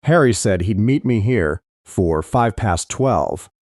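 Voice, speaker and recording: A man reading a first-person thriller audiobook with expressive, tense storytelling. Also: lowish voice, slow pace, no room sound, studio quality. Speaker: audiobook narrator.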